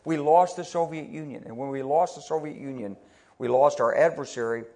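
A man's voice: on the high side, a little fast. An older American man, a retired army officer, giving a conversational public talk full of anecdotes, restarting and repeating words as he goes. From United States. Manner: conversational, repeats words when restarting, quotes people in lively put-on voices.

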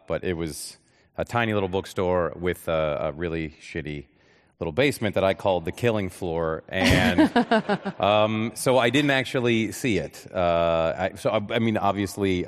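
A man as a guest on stage, chatting casually with deadpan, self-deprecating jokes and halting restarts. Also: deep voice. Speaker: guest actor. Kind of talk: casual interview chat. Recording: live hall reverb.

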